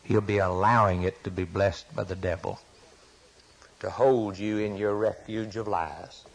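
A man preaching a sermon with passion, his voice rising to sudden loud peaks. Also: fairly low pitch, steady tone, a little slow, creaky, low-quality recording.

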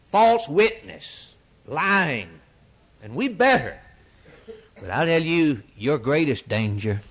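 A man's voice: mid-range voice, a bit bright. A male preacher delivering a sermon from the pulpit, emphatic and rhetorical, with folksy turns of phrase.

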